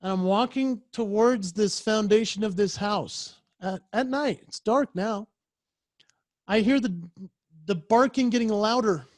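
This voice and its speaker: A man who is a professional speaker, telling a story in a lively keynote style and acting out voices and sounds over a video call. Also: sits high, no echo, clean studio sound.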